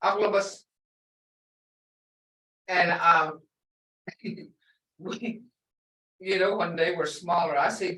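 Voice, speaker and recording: A woman's voice: lowish voice, expressive, unhurried, fairly bright tone. An older woman teaching a language lesson, stretching out example words for emphasis. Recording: echoey room, voice far from mic.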